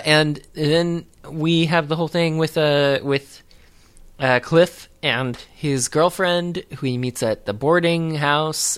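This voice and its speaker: Smooth, fairly high and fairly bright, this male co-host's voice carries a hesitant, rambling film recap on a laid-back podcast. He leans on plenty of fillers and a dry, sarcastic tone.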